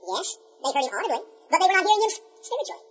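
A woman's voice: extremely high pitch, very animated, rapid-fire, faint music behind. A woman preacher giving an emphatic sermon, repeating key points and quoting scripture, on a dull lo-fi recording.

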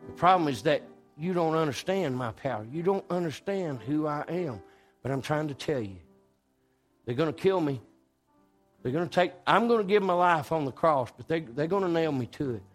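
A man preaching a folksy, storytelling sermon that swings between loud and hushed. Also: fairly high pitch, lively intonation, moderate pace, soft background music.

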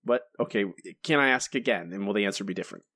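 A man's voice: fairly low pitch, quick pace, fairly bright tone, no echo, clean studio sound. A man co-hosting a podcast in casual chat, jokey and self-deprecating. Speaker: podcast co-host.

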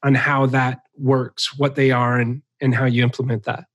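A man hosting a podcast interview, affirming his guests warmly and restarting his sentences with hesitant fillers. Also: mid-range voice, flat delivery, normal speed, dry recording. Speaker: podcast host. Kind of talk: conversational interview.

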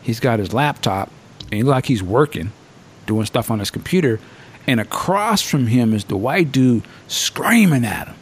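A man hosting a podcast in casual chat, telling stories with slang and swearing, jumping up high to act out quotes, and laughing often. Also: normal speed, breathy edge. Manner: animated storytelling, acting out quotes in a raised voice. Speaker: podcast host.

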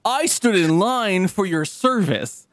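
A man's voice: high-pitched, animated, slow, fairly bright tone, dry recording. A man co-hosting a podcast in casual chat, ranting in exasperation, swearing and repeating himself. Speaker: podcast co-host.

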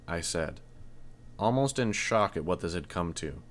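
Guy reading a story aloud, very deep voice, tense and measured. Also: lively intonation. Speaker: audiobook narrator. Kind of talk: first-person story narration.

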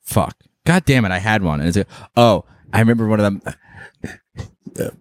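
A man's voice: fairly low pitch, lively intonation, unhurried, no room sound. A man co-hosting a podcast, telling funny stories in casual chat, laughing often, swearing freely and acting out the voices of people he quotes. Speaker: podcast co-host. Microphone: podcast studio mic. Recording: dry close studio sound.

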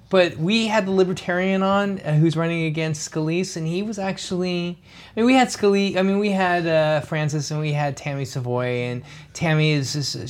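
A man from Louisiana, a radio show host in casual political chat, animated and often restarting his sentences. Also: fairly high pitch.

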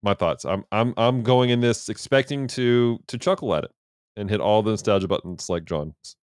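A man co-hosting a casual movie podcast, telling stories in an animated way and laughing often. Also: fairly low pitch, moderate pace, smooth, no room sound, clean studio sound. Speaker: podcast co-host. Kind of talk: casual chat.

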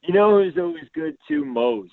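A man's voice: high-pitched, huge pitch swings, normal speed, gravelly, narrow, tinny audio, crowd noise. A man guest on a podcast, chatting enthusiastically with lots of fillers. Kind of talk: casual chat.

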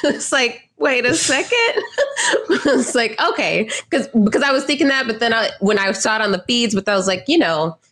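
A woman co-hosts a casual recap podcast, bubbly and quick to laugh. Her talk runs on quickly with lots of fillers. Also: on the high side, fairly bright tone. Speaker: podcast co-host.

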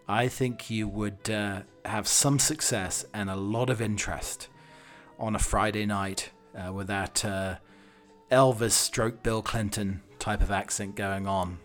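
A man's voice: fairly low pitch, steady tone, measured pace, fairly bright tone, soft background music. A British man hosting a solo podcast, rambling cheekily and mocking himself. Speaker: podcast host.

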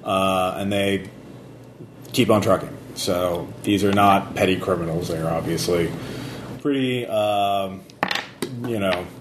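A man with a low voice runs a tabletop game, narrating scenes in a loose, rambling way full of fillers and restarts. His voice echoes in a roomy space, with a faint hiss behind it. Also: steady tone, slow pace. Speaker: game master.

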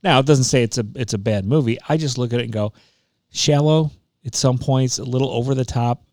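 An opinionated man talks through what didn't work in a movie and keeps circling back to stress his points. His voice sits at an ordinary pitch and is recorded close and dry. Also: a little fast, a little mellow, dry recording. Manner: opinionated, emphatic, frequent restarts. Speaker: podcast co-host. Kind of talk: casual movie review chat.

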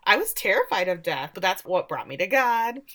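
A woman voicing a male priest who is calm, eerie and chatty, retelling his lines in a casual, matter-of-fact way during a show recap. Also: medium pitch, brisk.

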